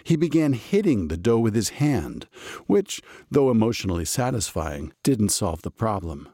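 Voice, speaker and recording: Low-voiced man reading a lively storybook. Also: normal speed, dry recording, studio quality. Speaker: narrator.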